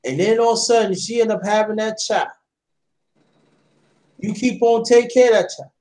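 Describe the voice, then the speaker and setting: Very high-voiced impassioned male host. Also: normal speed, a little mellow, slight background noise. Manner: preachy, repeats himself, addresses listeners directly. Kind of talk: impassioned casual chat.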